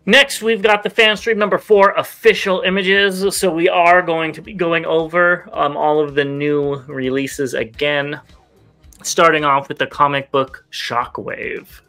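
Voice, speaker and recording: A man co-hosts a casual talk show, moving through news items with quick, easygoing remarks. His voice sits a touch high and comes across bright and forceful. Faint music plays under the conversation. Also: little pitch movement. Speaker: co-host of a toy news show. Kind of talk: casual chat.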